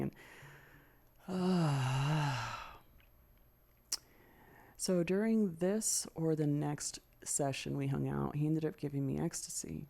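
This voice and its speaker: Middle-aged female podcast host, frank and profane storyteller, gravelly low tone. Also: a little slow, pauses often, warm tone. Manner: frank and profane, acts out her own past thoughts. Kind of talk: candid personal storytelling.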